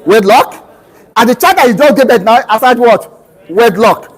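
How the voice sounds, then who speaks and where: A middle-aged Nigerian lecturer in a lecture room, his voice sitting very high for a man and leaping up and down with animated energy. He keeps prompting the class with open-ended questions and pauses for them to fill in the blanks. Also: slightly rough, low-quality recording. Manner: drills students with fill-in-the-blank questions ending in "what?"; teaches through homely family anecdotes. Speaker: university lecturer.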